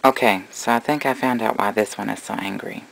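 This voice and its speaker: A man's voice: lowish voice, a little fast, creaky, a bit bright, a little hiss or hum, low-quality recording. A man running a casual vlog as a reptile breeder, mixing cooing baby talk to his animals with plain explanation.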